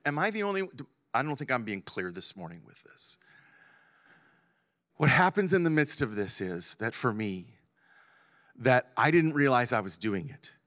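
A man preaching a sermon as a pastor, impassioned, rising to loud emphasis and dropping to hushed near-whispers. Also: mid-range voice, very animated, normal speed, pauses often. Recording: reverberant hall.

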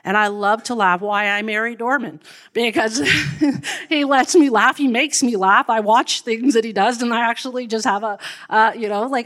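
A woman's voice: mid-range voice, a bit bright. A woman, an addictions counselor, telling her personal faith story in a candid, emotional way. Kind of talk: personal testimony.

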